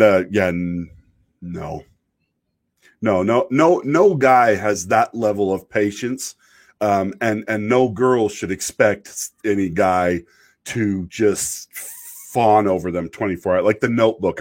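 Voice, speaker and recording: A man from Idaho talking in a casual, rambling way, often stopping and restarting and joking as he hosts a chat. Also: on the low side. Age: adult, married. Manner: rambling, self-interrupting, joking. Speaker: show host reading chat.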